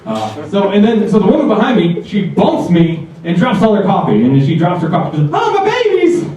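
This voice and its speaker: A man's voice: sits high, sing-song, brisk, dark tone. A man performing a stand-up comedy set at a live show, telling a story and acting out the people in it. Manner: storytelling with acted-out quotes. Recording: distant, echoey, dull live room recording. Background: audience laughter.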